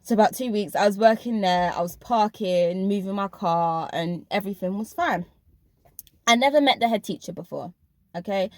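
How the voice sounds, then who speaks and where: A woman's voice: mid-range voice, moderate pace, darkish tone, no room sound. A woman, telling a personal story in a casual vlog. She talks emphatically and speaks straight to her viewers. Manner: emphatic, addresses viewers directly. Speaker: vlogger recounting a school job.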